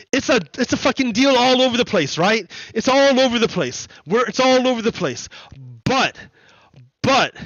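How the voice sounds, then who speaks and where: A man's voice: extremely high pitch, fairly bright tone, no room sound, lo-fi sound. A man hosting a livestream, ranting heatedly in profane, repetitive commentary. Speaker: livestream host. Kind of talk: ranting commentary during a gaming stream. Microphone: streaming desk mic.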